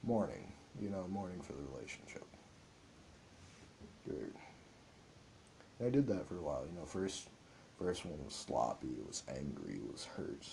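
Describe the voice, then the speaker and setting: A young man hosts his own podcast, speaking alone in an earnest, meandering way full of filler words. His voice sits very low with a gravelly fry and a dark, mellow tone. Faint background noise hums under the recording. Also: big pitch swings, moderate pace, long pauses. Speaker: podcast host. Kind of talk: reflective solo podcast monologue.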